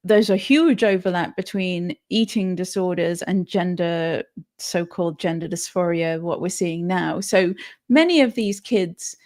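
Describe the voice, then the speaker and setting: A woman's voice: fairly low pitch, unhurried, a little mellow. A woman guest on a podcast, speaking earnestly and with emphasis. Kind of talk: casual podcast interview.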